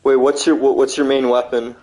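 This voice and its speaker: A man chatting casually while streaming a game, rambling, self-mocking, full of halting restarts. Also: medium pitch, flat delivery, dark tone, low-quality recording. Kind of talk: casual gaming chat.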